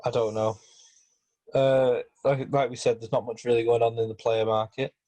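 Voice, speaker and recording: A man's voice: mid-range voice, flat delivery, moderate pace, warm tone. A man co-hosting a casual football podcast, hesitant with many fillers and restarts. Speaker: podcast host.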